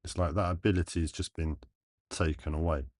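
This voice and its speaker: The voice is a man's, deep, low-pitched, steady and a little mellow, talking slowly and earnestly to people watching his livestream. He thinks aloud, breaking off and restarting often in halting phrases. The recording is dry and intimate, with no room echo.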